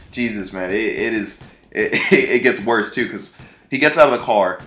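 A man's voice: on the low side, measured pace, fairly bright tone. A young man from Florida telling a story in a casual, rambling, slangy way, full of restarts. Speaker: vlogger. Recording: echoey room.

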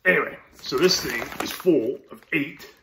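A man's voice: on the high side, normal speed, vocal fry, noisy background. A man, chatting loosely to camera at home in his apartment, joking and swearing as he reviews beer. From Canada. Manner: loose, profane, joking asides. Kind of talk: casual rambling chat to camera.

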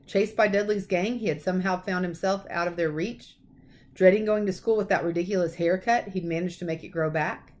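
Woman, teacher, reading a storybook aloud, expressive, lively. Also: fairly low pitch, brisk.

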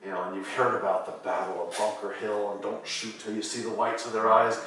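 A man's voice: on the low side, flat delivery, fairly quick, fairly bright tone, a little hiss or hum. A middle-aged man from California, a pastor preaching a sermon in a church, telling loose anecdotes with many "you know" fillers. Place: church sanctuary. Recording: roomy hall, voice from far off the mic.

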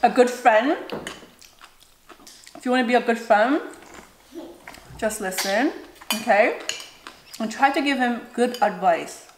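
A chatty woman in her thirties talks over a meal, giving casual advice as a vlogger. Her voice sits fairly high, and she jumps into little acted-out bits of other people's speech. The room rings with echo, and cutlery and dishes clatter clearly behind her. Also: slow pace, long pauses, a little hiss or hum. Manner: chatty, animated, often acts out other people's lines. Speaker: mukbang and recipe vlogger, mother. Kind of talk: casual advice chat while eating.

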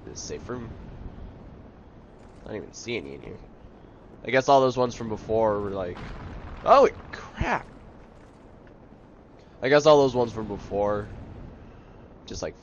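Excitable young man narrating gameplay. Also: on the low side, gravelly, slight background noise. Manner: excitable, exclaims and jokes at his own failures. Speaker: video game let's player. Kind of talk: live gaming commentary.

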